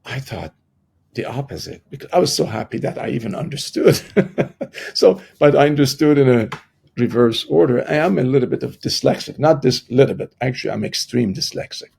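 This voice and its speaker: A middle-aged man with a deeply gravelly, husky voice tells a personal story as a podcast guest. He talks haltingly, often restarting his sentences, and slips into the voices of the people he quotes. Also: lively intonation, a little mellow. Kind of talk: conversational storytelling in an interview.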